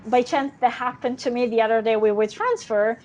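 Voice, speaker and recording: An actress with an Italian accent in a casual interview, talking freely with frequent laughter and restarts. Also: female voice, fairly high pitch, a little fast, a little mellow. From Italy. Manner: chatty, laughs often, many restarts.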